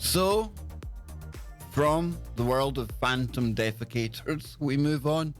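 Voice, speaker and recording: Hosting a live stream over soft background music, a man with a mid-range voice takes it slowly. He riffs crudely and jokingly on odd news stories, stammering and restarting as he goes.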